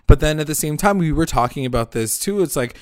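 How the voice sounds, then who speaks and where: A man co-hosting a casual recap chat, talking fast and loose and slipping into the characters' lines as he retells scenes. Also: on the high side, no echo, studio quality. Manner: animated, acts out characters' lines mid-story. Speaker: podcast co-host.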